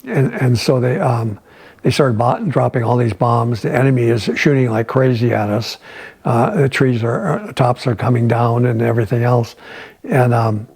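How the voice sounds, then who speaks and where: An older man being interviewed at home, telling a war story in a halting way with many restarts and repeated words. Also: mid-range voice, creaky, darkish tone, husky. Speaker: veteran interviewee.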